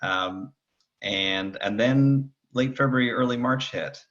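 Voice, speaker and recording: A man's voice: medium pitch, takes it slowly, fairly bright tone. A man who owns a business, speaking candidly on a video call. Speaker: business owner. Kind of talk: casual chat on a video call. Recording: dull lo-fi call audio.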